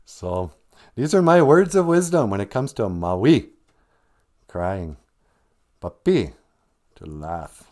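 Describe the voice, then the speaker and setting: A man's voice: fairly low pitch, sing-song, takes it slowly, pauses often, a little mellow. A man hosting a livestream, giving humorous casual advice and laughing between lines. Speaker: livestream host and language teacher.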